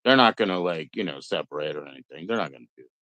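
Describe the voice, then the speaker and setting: A man's voice: sits low, expressive, very fast, pushed and bright, dry recording, poor audio. A middle-aged man hosting a casual livestream, rambling and swearing, mocking other people in put-on voices. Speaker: livestream host.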